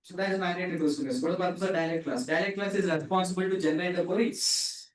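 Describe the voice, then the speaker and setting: Teaching a programming class, this man talks at a racing pace in a voice that sits high, and the mic is distant. His lecture is repetitive call-and-response, firing short questions for students to answer. Echo fills the room around him.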